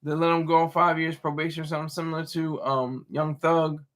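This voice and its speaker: A man hosting a live stream, answering chat in a casual, rambling way with halting restarts and self-corrections. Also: on the high side, flat delivery, a bit bright. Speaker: livestream host reading chat.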